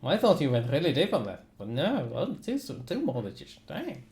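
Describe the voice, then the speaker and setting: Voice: mid-range voice, huge pitch swings, normal speed, a little mellow. A tabletop game player in casual out-of-game chat, playful and teasing, laughing often. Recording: echoey room with faint hiss.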